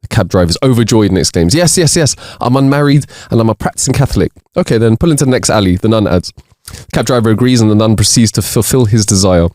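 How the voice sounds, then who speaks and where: A man's voice: fairly low pitch, quick pace, hardly any pauses, darkish tone, no echo, clean studio sound. A man co-hosting a podcast, reading jokes aloud in casual chat and laughing between them. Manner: reads jokes with bursts of laughter. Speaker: podcast co-host.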